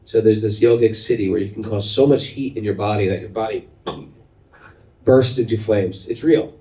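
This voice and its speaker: A man giving a spiritual storytelling talk in an animated, humorous manner, laughing often, in a roomy recording made from a distance. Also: lowish voice, moderate pace. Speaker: spiritual teacher.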